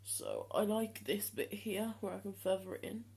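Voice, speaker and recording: A seventeen-year-old young man talking casually to the camera in a vlog, hesitant with many ums and restarts, speaking in a voice he has deliberately trained lower. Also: animated, gravelly, darkish tone, slightly rough. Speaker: vlogger.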